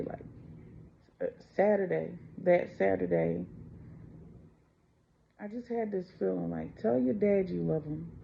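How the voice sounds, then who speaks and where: A woman from the United States speaks slowly with a gravelly, creaky edge, telling her own story straight to camera. Her telling is unscripted and full of fillers. The recording is dull and lo-fi, with a faint hiss behind her. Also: lowish voice. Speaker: channel host. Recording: dull lo-fi with faint background noise.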